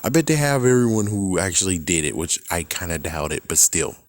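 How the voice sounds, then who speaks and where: Low-voiced man ranting casually. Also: very animated, a little fast, dry recording. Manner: rambling, profane, exasperated. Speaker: video creator. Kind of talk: casual opinion rant.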